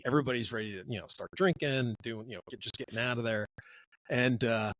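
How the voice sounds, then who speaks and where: A man co-hosting a podcast, telling a long story in a rambling, animated way. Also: medium pitch, quick pace, low-quality recording. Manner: rambling, animated, acts out quotes. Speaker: podcast co-host. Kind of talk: casual storytelling.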